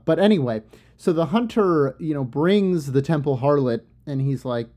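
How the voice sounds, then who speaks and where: A man casually retelling an old story in a loose, joking way, full of fillers, slipping into quick voices for the characters. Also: medium pitch, gravelly, mellow. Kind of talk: casual retelling of an ancient epic.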